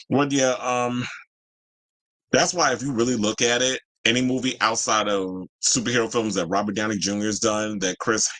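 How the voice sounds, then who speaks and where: Animated man with a bright, dry voice. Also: fairly low pitch, no room sound, poor audio. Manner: animated and chatty, reads and answers live chat, swears freely. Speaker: entertainment news show host. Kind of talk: casual pop-culture commentary.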